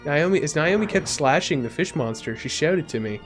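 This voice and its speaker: A man on a live stream reads a game's story aloud, then breaks off for casual, chatty asides. His voice sits a little high. Game music plays clearly behind him. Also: expressive, fairly quick. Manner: casual, chatty asides between read lines.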